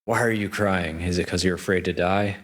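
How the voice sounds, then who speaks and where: A man's voice: sits low, fairly even intonation, brisk, fairly bright tone. A man telling of a huge man-eating ogre. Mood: suspicious. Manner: demanding, questioning.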